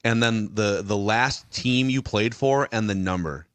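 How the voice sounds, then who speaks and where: Casting: man, late thirties, low voice, easy host, dry close mic. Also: unhurried, fairly bright tone, smooth, no room sound. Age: 30s. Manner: leads segments, hesitant fillers. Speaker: podcast host. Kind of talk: casual chat.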